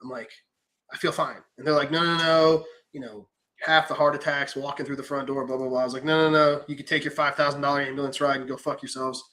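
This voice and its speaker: A young man in casual podcast chat, telling animated stories, acting out quotes and swearing freely. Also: medium pitch, fast talker. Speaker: podcast host.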